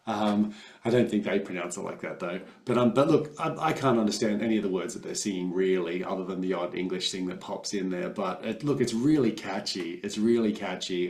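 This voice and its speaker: Brief: laid-back Australian co-host, lower pitch, roomy echo. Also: male voice. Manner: relaxed, rambling, filler-heavy. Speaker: podcast co-host. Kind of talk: casual chat. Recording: roomy room sound.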